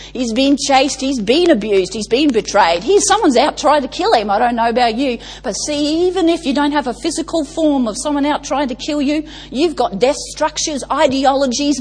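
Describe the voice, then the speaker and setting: A woman's voice: a little high, breathy edge, low-quality recording. A woman preacher delivering an emphatic sermon, stacking lists and asking the congregation rhetorical questions.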